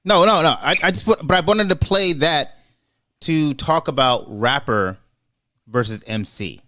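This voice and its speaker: A man's voice: on the high side, unhurried, bright, forceful tone. A man hosts a casual podcast debate and gives his opinions emphatically. He speeds up when he drives a point home. His delivery is conversational and direct. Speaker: podcast host.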